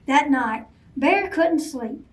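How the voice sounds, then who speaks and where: A woman, a children's librarian, reading a picture book aloud at bedtime, gentle and expressive, asking the kids questions. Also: high-pitched, takes it slowly, slight background noise. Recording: voice from a distance off mic.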